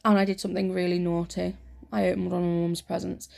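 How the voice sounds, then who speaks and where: Soft-spoken woman with vocal fry. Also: on the low side, flat delivery, fast talker. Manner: soft, rambling storytelling. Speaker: ASMR creator. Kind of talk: soft-spoken ASMR chat.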